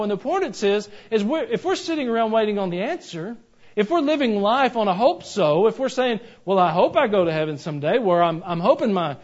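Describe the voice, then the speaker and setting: A man preaching a sermon, animated and joking, with rhetorical questions to the congregation. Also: sits high. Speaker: pastor. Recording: dull lo-fi recording.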